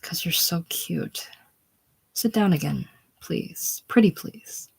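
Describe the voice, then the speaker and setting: Coy teasing young woman as a reader puts her on, slow, coaxing. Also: medium pitch. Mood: dreamy. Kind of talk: casual play reading.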